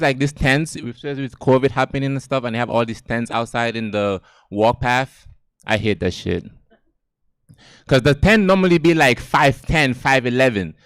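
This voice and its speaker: Laid-back Gambian-accented stand-up comic. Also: male voice, medium pitch, a bit bright, smooth, no room sound, clean studio sound. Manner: laid-back, profane, laughs at his own jokes. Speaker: stand-up comedian. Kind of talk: stand-up comedy set. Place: outdoor stage under string lights.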